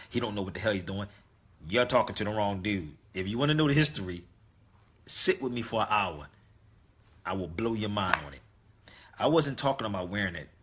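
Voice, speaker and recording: A man with a lowish, husky voice talks through a story in a casual monologue. His tone is forceful and tense, and he keeps speaking straight to his listeners with emphasis. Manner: emphatic, addresses listeners directly. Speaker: online talk host.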